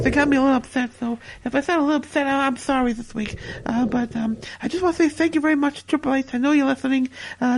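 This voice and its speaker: A woman hosts a parody podcast in rambling comic chat, stammering and repeating her words as she goes. Her voice sits high and carries a gravelly, creaky fry, and now and then she breaks into giggles. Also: darkish tone. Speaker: podcast host.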